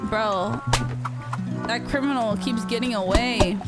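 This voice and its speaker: A young woman provides live commentary while streaming a video game, shrieking and laughing as she reacts. Her voice is a little high and slow, with game music and sound effects in the background.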